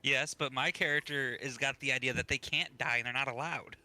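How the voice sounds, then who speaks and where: A man's voice: mid-range voice, fairly even intonation, a little fast, bright, forceful tone. A man playing in a tabletop game, chatty and teasing, laughing often. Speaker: player. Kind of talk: casual tabletop game chat.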